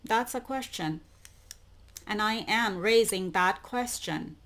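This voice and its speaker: A woman's voice: medium pitch, takes it slowly, fairly bright tone. A woman hosting her own channel, reading web articles aloud and commenting on them, repeating words she wants to stress. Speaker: YouTube channel host.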